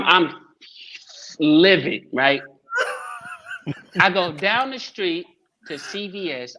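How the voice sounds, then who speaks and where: Animated storytelling man, dull lo-fi audio. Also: a little high. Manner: lively, acts out quotes, swears casually. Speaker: father telling a story on a discussion panel. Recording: dull lo-fi sound.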